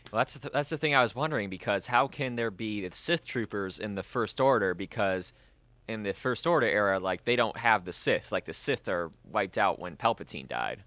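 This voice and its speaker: A man's voice: on the low side, expressive, a little fast, a bit bright, dry recording. A young man co-hosting a casual podcast, joking and teasing himself in banter. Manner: joking, self-mocking banter. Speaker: podcast co-host. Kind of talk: casual chat.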